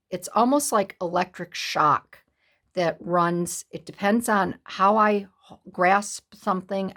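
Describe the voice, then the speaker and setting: Slow, low-voiced woman in her sixties. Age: 60s. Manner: halting, upset, many pauses and restarts. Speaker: craft vlogger. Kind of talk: casual chat to camera.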